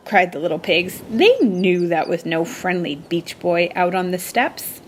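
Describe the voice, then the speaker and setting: A woman reading a children's storybook aloud with slow, emphatic, expressive delivery. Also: lowish voice, slight background noise.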